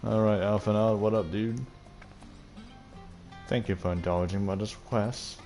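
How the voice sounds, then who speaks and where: A man's voice: on the low side, steady tone, a little slow, mellow, faint music behind. A young man casually commenting on a game he is playing, rambling, joking and swearing. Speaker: gaming streamer.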